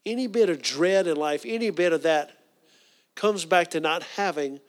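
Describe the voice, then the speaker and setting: A man preaching a sermon in a folksy, earnest way, with asides and restarts, dropping to a soft hush for quoted prayers. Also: fairly high pitch, normal speed.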